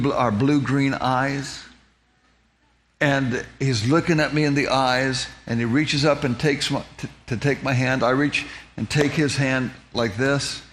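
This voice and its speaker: A man telling his own testimony in a meandering, storytelling way. He restarts phrases and repeats words as he goes. He describes things in close, vivid detail, and his voice sits at an everyday middle pitch with faint noise behind it. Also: a bit bright. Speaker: speaker giving a personal testimony.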